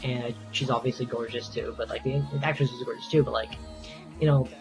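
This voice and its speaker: A man's voice: medium pitch, steady tone, a little fast, gravelly, over music, low-quality recording. A man giving a casual, enthusiastic movie review in a rambling, stop-start way.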